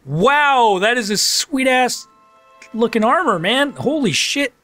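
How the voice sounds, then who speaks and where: A man narrating his playthrough in casual, excitable commentary. He swears freely and talks straight to the game. His voice is high and very animated, with faint game music behind him. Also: takes it slowly. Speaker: let's play commentator.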